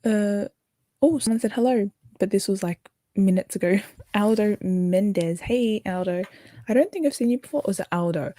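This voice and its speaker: A woman's voice: mid-range voice, normal speed, warm tone, no room sound. A tired young Australian woman hosting an early-morning livestream, rambling casually and answering viewer comments as she builds. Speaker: livestream host.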